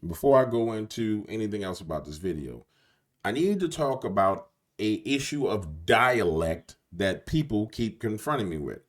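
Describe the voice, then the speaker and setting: A Louisiana man with a New Orleans accent hosts a late-night commentary monologue on YouTube, speaking directly to viewers in an emphatic, preachy style. His voice is lowish with big pitch swings, at normal speed.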